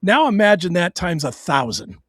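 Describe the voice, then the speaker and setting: A middle-aged man with a fairly high voice tells a hard personal story with blunt, profane candor. He often stumbles into stammered restarts. The recording is close and dry, with almost no room sound. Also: big pitch swings, normal speed, a bit bright, no echo. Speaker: show host sharing his story.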